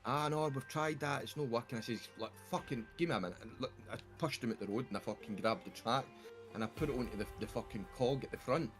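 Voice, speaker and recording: Man, Scottish accent, casual voice-call chat, heavy swearing, loud game music in the background. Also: medium pitch, fast. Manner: swears a lot, rambling animated storytelling. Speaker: game streamer. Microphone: desktop mic on a voice chat.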